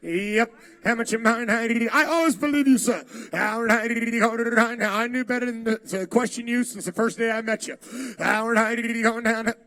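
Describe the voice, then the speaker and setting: A man working as an auctioneer, chanting bid numbers in a rapid rhythmic stream with quick banter between lots. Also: very high-pitched, steady tone, bright, forceful tone. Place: large auction hall.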